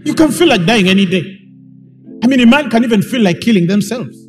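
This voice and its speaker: A man preaching a sermon to a congregation, emphatic and repetitive, building up to shouts. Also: high-pitched, animated, fairly quick, soft background music. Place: church hall with congregation.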